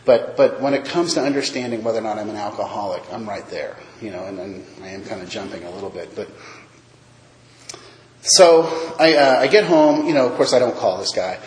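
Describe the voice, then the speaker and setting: A man's voice: fairly low pitch, brisk. A man telling his recovery story at a meeting, self-mocking, acting out the other voices in his tale. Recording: echoey hall.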